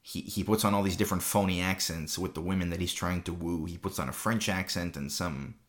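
A man's voice: sits low, fairly even intonation, brisk. A man hosting a film review show, talking casually and rambling, with many fillers and repeated phrases.

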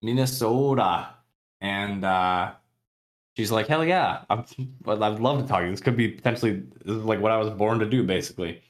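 A man's voice: lowish voice, fairly even intonation, fairly quick. A man co-hosting a podcast, recapping a book chapter in a casual, chatty way, often laughing and acting out characters' lines. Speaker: podcast co-host.

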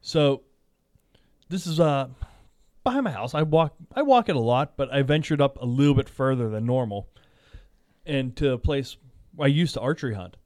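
A man hosting a podcast, telling a story in a relaxed, laughing casual chat. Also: medium pitch, normal speed, long pauses, no echo, studio quality. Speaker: podcast host.

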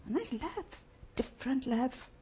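A woman preaching a sermon in church, emphatic and lively, asking the congregation rhetorical questions. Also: high-pitched, a little slow, noisy background.

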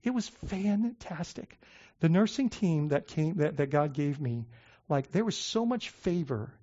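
Chatty pastor, slightly high, lo-fi. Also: male voice, expressive, dark tone. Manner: conversational storytelling with many fillers and restarts; slows and stresses points when preaching. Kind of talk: sermon. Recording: dull lo-fi sound.

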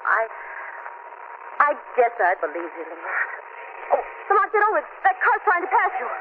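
An actress playing an anxious heroine who speaks in a breathless, emotional way, in 1940s radio acting. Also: female voice, on the high side, sing-song, fast talker. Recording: tinny, hissy old radio broadcast.

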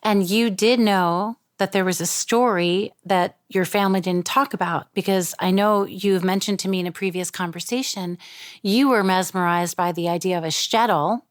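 A woman interviewing a guest, asking questions in a gentle, encouraging way. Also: mid-range voice, no room sound, studio quality. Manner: gentle, encouraging, with soft listening sounds.

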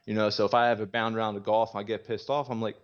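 Fast and flat, with a voice on the low side, a young man in recovery rambles candidly about his experience, saying "you know" often and swearing casually. The audio is muffled and lo-fi.

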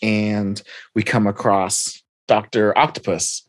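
A man in casual chat, retelling a comic story with lively acted-out dialogue. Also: lowish voice, slow pace, no room sound. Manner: animated retelling, reads captions aloud and acts out dialogue. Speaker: podcast co-host recapping comics.

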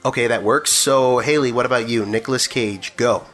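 A man's voice: mid-range voice, normal speed, fairly bright tone, faint music behind. A man co-hosting a casual film-review podcast, bantering in a joking, upbeat way. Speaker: podcast co-host.

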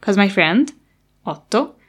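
A woman's voice: medium pitch, expressive, slow pace, slightly rough. A young woman telling a candid personal story about a hard time, in an anxious, open and honest tone. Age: young adult. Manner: candid, anxious retelling of past worries.

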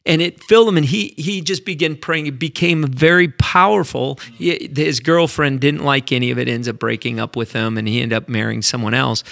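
A man, a pastor, telling a story about faith in an earnest, animated way, often repeating words as he builds up to a point. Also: on the high side, creaky, dry recording, studio quality.

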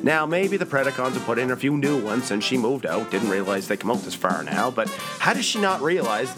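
A man co-hosting a podcast who rattles off his nitpicks at a brisk pace. His tone is wry and casual, and music plays clearly behind him. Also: medium pitch, very animated. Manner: quick, wry nitpicking rants. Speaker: podcast co-host. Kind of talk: casual recap chat.

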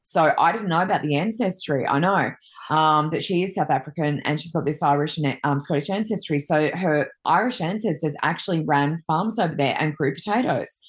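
Chatty Reiki woman, low deep voice, rambling casual stories. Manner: chatty, rambling, many fillers. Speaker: Reiki master and card reader. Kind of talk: casual chat, telling anecdotes.

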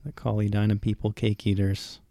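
A man's voice: fairly low pitch, flat delivery, fairly quick, warm tone, dry recording, clean studio sound. A man from Minnesota co-hosting a movie podcast, thoughtfully reading out bits of research in casual chat. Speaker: podcast co-host.

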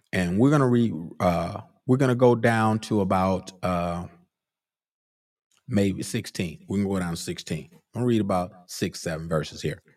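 A man preaching a sermon, breaking off often with "glory be to God" and "hmm?", rising into fervent, drawn-out emphasis. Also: lowish voice.

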